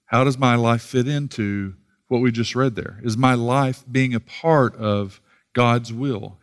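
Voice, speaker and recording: An earnest man preaching a sermon, his voice sitting at an ordinary middle pitch. He reads scripture aloud and often repeats a word or two as he starts each new thought. He is from the United States. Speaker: pastor.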